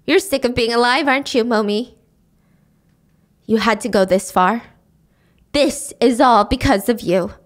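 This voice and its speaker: A woman's voice: on the high side, unhurried, long pauses, lightly acted. A woman voicing a vengeful older woman who taunts her victim coldly. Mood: taunting.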